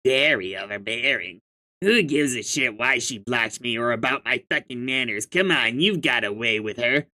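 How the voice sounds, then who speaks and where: A man's voice: medium pitch, expressive, moderate pace, pushed and bright. A man reading aloud as a pushy, profane young sea troll with schemes of his own, speaking in a mocking tone. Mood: scornful.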